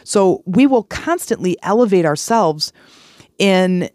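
A woman's voice: fairly low pitch, expressive, takes it slowly, darkish tone, no echo, studio quality. A woman podcast host and life coach giving a motivational self-help talk, earnest and encouraging, often repeating words for emphasis.

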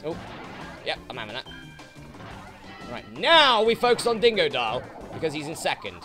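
A British man who hosts let's plays, giving excitable gameplay commentary full of swearing and frustrated outbursts. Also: fairly high pitch, moderate pace, faint music behind. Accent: British English. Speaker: let's play host.

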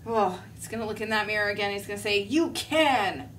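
A woman preschool teacher reading a story and teaching young children, gentle and asking them questions. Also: mid-range voice, a little fast. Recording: distant mic, faint room noise.

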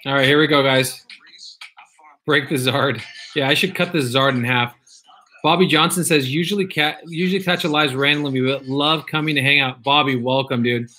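A man's voice: medium pitch, steady tone, moderate pace, pushed and bright. A man hosting a casual livestream, chatting loosely, reading viewer comments aloud and repeating himself. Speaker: livestream host opening card packs.

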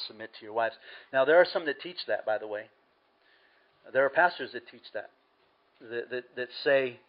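A man's voice: medium pitch, muffled recording. A man preaching a sermon as pastor, earnest and emphatic, repeating key words for stress.

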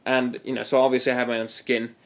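A man talks his way through a game session in a loose, rambling way, stopping and restarting mid-sentence and drifting from one tangent to the next. His voice sits at an ordinary middle pitch for a man. He is playful and likes to exaggerate for fun. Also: level tone, quick pace, creaky. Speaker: gaming video host. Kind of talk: casual gameplay commentary.

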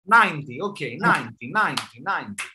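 A man's voice: fairly high pitch, big pitch swings, quick pace, background noise. A man hosting a live online quiz for colleagues, playful and laughing between answers, heard over a video call. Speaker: quiz host and dermatologist.

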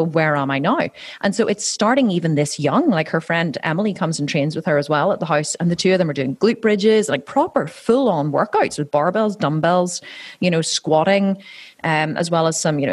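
A woman's voice: fairly low pitch, lively intonation, brisk, slightly rough, no echo. A woman in her forties, a professional athlete, chatting casually as an interview guest with frequent fillers and laughs. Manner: chatty, laughing, many restarts and "you know" fillers.

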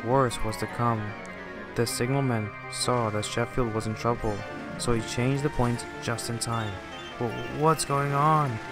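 A man narrates a children's-style train story, reading in an unhurried, measured way. His pitch is in the ordinary middle range. Music plays under his voice. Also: steady tone.

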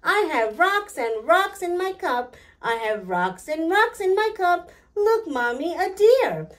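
A woman voicing a cheerful, curious little girl doll in a high, eager childlike voice. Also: very animated, a little slow.

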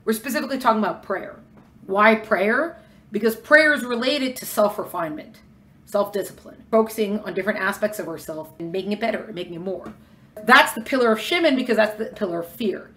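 Fast-talking woman teaching a class. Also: medium pitch, animated, pushed and bright, slight background noise. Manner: quick, conversational, acts out dialogue. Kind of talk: lecture on religious texts.

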